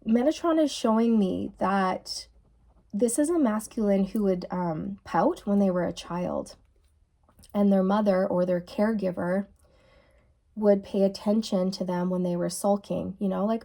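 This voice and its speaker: A woman giving a channeled tarot reading to her viewers, musing softly and repeating key phrases. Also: mid-range voice, a little slow, vocal fry. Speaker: tarot reader.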